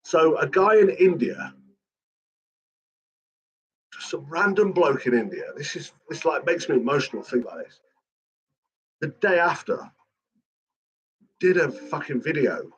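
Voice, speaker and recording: A man's voice: a little high, big pitch swings, measured pace, pauses often, a bit bright, breathy edge, rough recording. A man talking casually and emotionally about his late father, swearing a lot and rambling. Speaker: son of a late cartoonist, guest.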